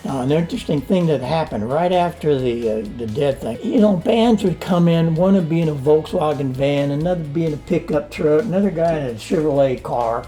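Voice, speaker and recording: Older man telling animated stories. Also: a little high, fairly quick, few pauses, soft background music. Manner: animated storyteller, acts out quoted dialogue. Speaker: interviewee, sound engineer. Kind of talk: casual storytelling interview. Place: home studio.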